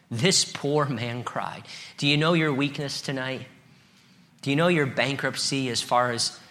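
A middle-aged pastor preaching an evening sermon, chatting with the congregation and reading psalms aloud with rising, emphatic peaks. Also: male voice, medium pitch, sharp tone.

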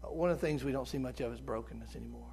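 This impassioned sermon comes from a middle-aged visiting preacher whose squeaky tenor alternates between forceful urging and near whispers. He talks very fast, his voice carrying a breathy edge.

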